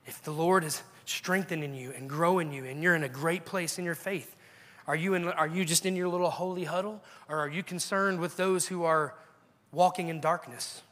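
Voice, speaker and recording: Earnest high-voiced preacher in an echoey hall. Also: male voice, fairly even intonation, moderate pace, fairly bright tone. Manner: earnest, exhorting with repeated questions. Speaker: pastor. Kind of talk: sermon. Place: church sanctuary.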